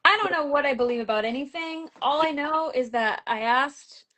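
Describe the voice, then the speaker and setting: A middle-aged woman, a picture book author, chatting as a guest and telling an animated story full of "like" fillers and laughter. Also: high voice, normal speed. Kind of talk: casual chat.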